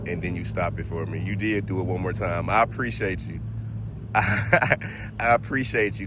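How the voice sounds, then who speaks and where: Male vlogger, relaxed and chatty, lowish voice, outdoors with faint street sound. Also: moderate pace, noisy background. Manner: laid-back, chatty, laughs often. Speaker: paranormal vlogger. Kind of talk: casual spoken vlog. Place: outdoors in a city cemetery.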